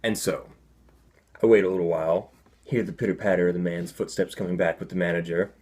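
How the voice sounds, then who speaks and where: A young man telling a comic personal story, animated with deadpan asides. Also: low-pitched, fairly quick.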